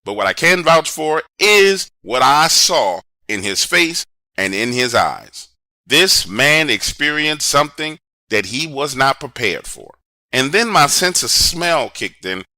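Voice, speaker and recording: Animated man telling a scary story. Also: dry recording. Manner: animated, dramatic storytelling with big swings in pitch and volume. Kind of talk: first-person true horror story.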